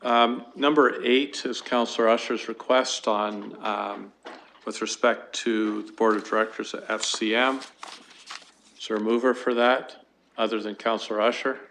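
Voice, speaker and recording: A man's voice: fairly low pitch, steady tone, normal speed, gravelly, fairly bright tone, slight background noise. A man chairing a council committee meeting, speaking hesitantly with fillers into a desk microphone in a council chamber.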